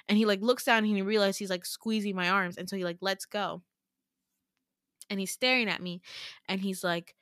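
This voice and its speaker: A woman hosting a podcast, casually retelling a dream in an animated way, full of fillers and swearing as she acts out the dialogue. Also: medium pitch, fairly quick, no echo, studio quality. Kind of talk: casual storytelling.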